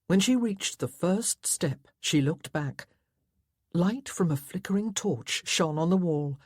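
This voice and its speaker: Low husky woman narrating a romance. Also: darkish tone, no room sound, studio quality. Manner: dramatic, tense storytelling. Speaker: audiobook narrator. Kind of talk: scripted narration.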